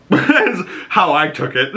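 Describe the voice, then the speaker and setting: A young man with a Boston accent talks through an episode recap in a casual, animated way. His voice is bright and forward, with a mid pitch. He laughs often and slips into higher voices to act out lines. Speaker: show reviewer.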